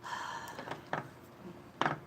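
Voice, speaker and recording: A woman hosting a live-streamed psychic reading who speaks softly and affectionately, calls viewers sweetheart, and often apologizes and trails off mid-thought. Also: drawn-out words, background noise. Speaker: psychic reader.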